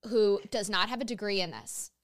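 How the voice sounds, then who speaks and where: In a casual interview chat, a young woman hosts a podcast with spirited energy and plenty of free swearing. Her voice sits in the mid range, and she speaks at a moderate pace.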